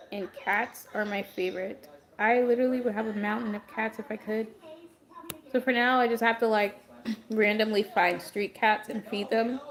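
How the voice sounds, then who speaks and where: A woman hosting a casual livestream, talking straight to her viewers and answering their comments, with a voice that is wearing out from a long stretch of talking. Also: mid-range voice. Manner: chatty, answers viewer comments as they come in. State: losing her voice. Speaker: livestream host.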